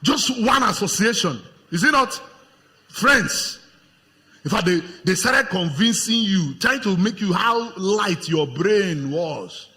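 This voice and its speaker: A Nigerian man preaching a lively sermon to his congregation as pastor, acting out the voices of tempters in his stories. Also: high-pitched, slow. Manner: animated, acts out voices of tempters, laughs with congregation. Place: church hall with congregation. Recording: long hall reverb.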